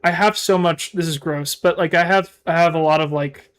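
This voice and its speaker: Male streamer, casual live chat, slightly higher voice, mumbly and rambling, lots of restarts. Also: normal speed, clear, resonant tone. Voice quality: mumbled, self-described monotone.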